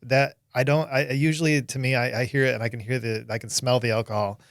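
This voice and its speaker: A man co-hosting a casual conversation, earnest and halting, with frequent restarts. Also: medium pitch, steady tone, no echo, clean studio sound. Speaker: co-host.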